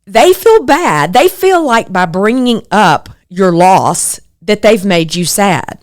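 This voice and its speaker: Slow, earnest woman. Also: mid-range voice. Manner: earnest, reflective, animated when quoting others. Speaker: podcast host. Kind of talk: personal podcast monologue.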